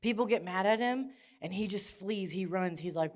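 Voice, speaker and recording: A middle-aged woman preaching in church, telling a lively personal story and acting out the dialogue in hushed and excited voices. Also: mid-range voice, moderate pace. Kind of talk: sermon with storytelling.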